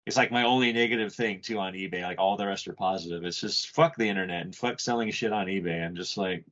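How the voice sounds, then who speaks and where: A fast-talking man with a low-pitched voice co-hosts a podcast, heard through muffled lo-fi audio. The casual conversation is profane and rambling, and he stays animated throughout.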